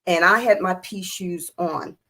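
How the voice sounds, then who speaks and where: An older woman, a guest on an interview show, telling a personal story in an animated way, acting out the quoted lines of other people with laughs and emphasis. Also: lowish voice, a little slow.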